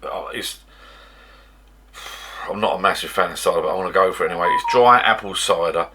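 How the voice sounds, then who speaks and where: Against a noisy background, a middle-aged man from the UK rambles chattily in a home vlog shot in his garden bar shed. He speaks fairly quickly in a low-pitched voice and often restarts his sentences.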